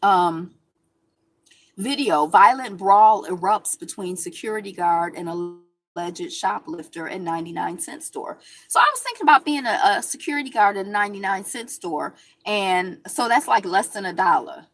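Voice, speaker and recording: A woman's voice: mid-range voice, moderate pace, a bit bright. Lady host reading headlines n riffing, chatty and sarcastic. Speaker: show host. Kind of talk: casual news commentary.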